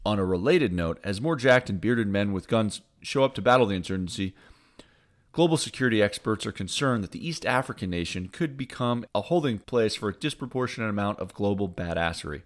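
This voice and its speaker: A man hosting a satirical news roundup in a deadpan, newsreader style with wry asides. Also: lowish voice, brisk. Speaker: host.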